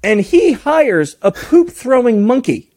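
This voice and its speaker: A man telling stories as a podcast guest in a casual, animated way, his voice jumping high when he gets excited. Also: slow. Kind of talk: casual storytelling.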